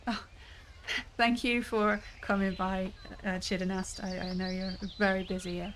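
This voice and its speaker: A woman streams a cozy building game, chatting with her viewers, musing aloud, and laughing often in casual gameplay commentary. Her mid-range voice has a flat delivery and a measured pace. Game music plays behind her, and there's background noise.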